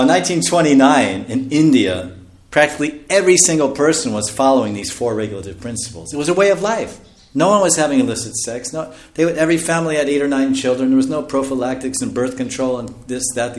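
A man's voice: mid-range voice, animated, brisk. Chuckling male preacher in an echoey room. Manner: conversational, chuckling often, dropping to soft asides. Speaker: spiritual teacher. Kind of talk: sermon.

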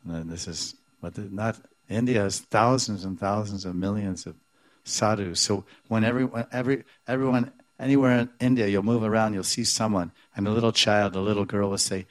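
A man's voice: lowish voice, fairly even intonation, a little fast, no room sound. A man giving a devotional lecture, telling stories with acted-out quotes, chuckling often and sprinkling in Sanskrit and Hindi terms. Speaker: religious teacher.

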